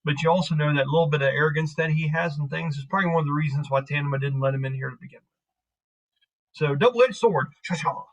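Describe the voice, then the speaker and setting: A man's voice: fairly high pitch, fast, poor audio. Rambling man running a tabletop game. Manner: casual, rambling with many fillers. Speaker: game master.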